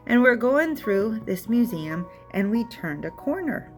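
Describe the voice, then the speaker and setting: A woman's voice: on the high side, very animated, unhurried, soft background music. A woman giving an earnest, emotional personal testimony about overcoming fear. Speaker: storyteller sharing her recovery.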